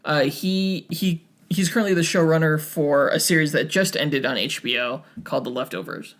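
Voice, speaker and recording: A man's voice: fairly high pitch, fairly even intonation, moderate pace, fairly bright tone. A young man co-hosting a podcast, talking casually with many fillers and restarts. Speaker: podcast co-host.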